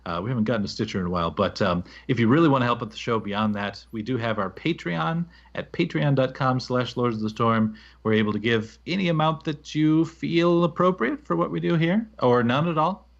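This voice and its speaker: A man co-hosting a gaming podcast in a relaxed, rambling manner, working through listener reviews with plenty of fillers. The recording is slightly dull and lo-fi. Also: mid-range voice, a little fast, vocal fry, few pauses. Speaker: podcast co-host. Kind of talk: casual podcast chat, reading listener reviews.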